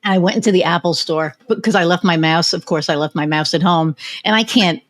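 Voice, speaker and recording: Casting note: American woman, podcast host, frank storyteller who curses freely, slightly low voice. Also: a little fast. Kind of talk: casual interview chat.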